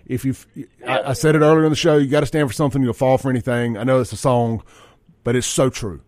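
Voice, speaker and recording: A man hosts a talk radio show in a blunt, folksy, fired-up way. His voice sits in a middle pitch. The studio sound is dry and close. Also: steady tone, fast, a little mellow, no echo.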